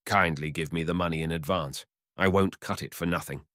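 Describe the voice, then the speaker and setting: Brief: male reader doing a timid young barber in a storybook, tearful and pleading, high cries over a low base voice. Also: steady tone, a little fast, fairly bright tone, no echo, studio quality. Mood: cold.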